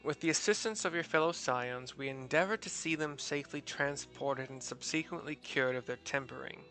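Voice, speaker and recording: A man voicing a composed woman leader, reading her formal lines in a measured way and correcting himself. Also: fairly high pitch, pushed and bright, faint music behind. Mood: earnest.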